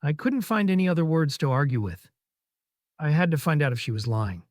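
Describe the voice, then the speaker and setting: A man reads a first-person story, slipping into teasing dialogue at a brisk clip. His voice sits somewhat high, and the recording is dry and close. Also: very animated, no echo.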